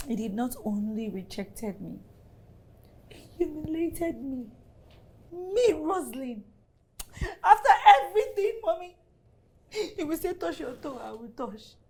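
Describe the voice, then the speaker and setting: A woman's voice: high voice, expressive, takes it slowly, long pauses, darkish tone, slight background noise, full character voice. A bitter jilted young Nigerian woman. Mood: aggrieved. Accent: Nigerian English. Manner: sulky, self-pitying, dramatic.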